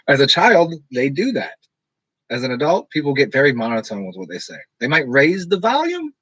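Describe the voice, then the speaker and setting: A man rambling in casual livestream chat with his viewers, describing his own delivery as monotone. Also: mid-range voice, fairly quick, slightly rough, dry recording, rough recording. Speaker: streamer talking to live chat.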